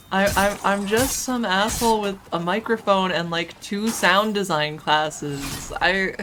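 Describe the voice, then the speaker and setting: A woman streaming a game, chatting casually on her microphone, halting and flustered, restarting often and laughing through it, emotionally overwhelmed. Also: medium pitch, noisy background. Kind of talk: casual live-stream chat.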